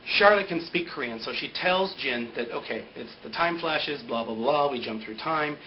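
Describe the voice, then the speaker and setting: A young man talks through a story in a loose, animated way, leaning on fillers as he goes. His voice sits a bit high. The home recording sounds dull and lo-fi, with a faint hiss. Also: moderate pace. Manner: rambling and animated, with lots of "like". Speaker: vlogger recapping a TV episode. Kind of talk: casual spoken recap.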